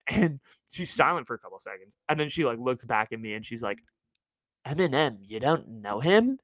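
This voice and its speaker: A man in his twenties from California, telling a story on his podcast in an animated, chatty way. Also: mid-range voice, a little fast, no room sound, poor audio. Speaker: podcast host.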